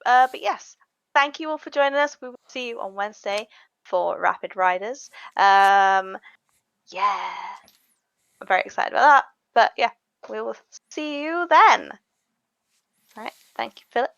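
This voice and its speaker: A woman game master winding down a live tabletop game stream in relaxed, chatty talk full of fillers and laughs. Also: a little high, a little slow, gravelly, clear, resonant tone, no room sound, dull audio. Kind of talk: casual wrap-up chat on a live stream.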